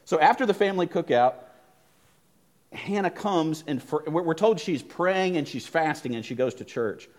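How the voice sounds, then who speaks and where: A man preaching a sermon as pastor, telling stories emphatically and swinging between loud emphasis and hushed lines. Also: on the high side.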